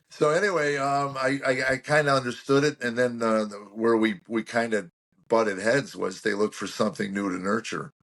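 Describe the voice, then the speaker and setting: A man in his sixties, a comedian guest telling stories in an interview, animated and acting out quotes. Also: mid-range voice, moderate pace. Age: 60s. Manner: animated storyteller, acts out quotes. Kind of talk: storytelling interview chat.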